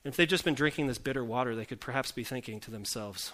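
A man's voice: mid-range voice, fast, a bit bright. A male pastor giving a conversational sermon, full of self-deprecating jokes and rhetorical questions to the congregation. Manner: joking, self-deprecating asides.

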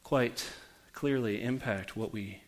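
A man's voice: mid-range voice, takes it slowly. A man in his forties, a pastor preaching a conversational sermon and putting questions to the congregation. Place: church.

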